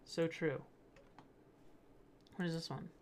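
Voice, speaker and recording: A man's voice: fairly high pitch, fairly even intonation, slow pace, darkish tone, a little hiss or hum. A young man hosting his channel, rambling casually through posts, laughing often and stumbling over words. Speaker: channel host. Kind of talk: casual commentary reading posts.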